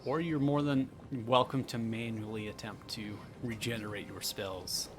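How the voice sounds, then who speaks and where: A man's voice: mid-range voice, fairly quick, hardly any pauses, music in the background. A man narrating and explaining rules as game master in a tabletop game, hesitant and correcting himself as he goes. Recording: noisy background.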